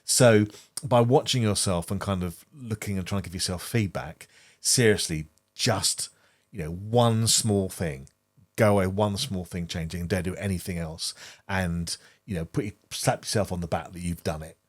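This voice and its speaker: A man's voice: deep voice, normal speed. A middle-aged man co-hosting a podcast, chatting casually and earnestly, often repeating words as he thinks. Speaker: podcast co-host. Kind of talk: casual conversational chat.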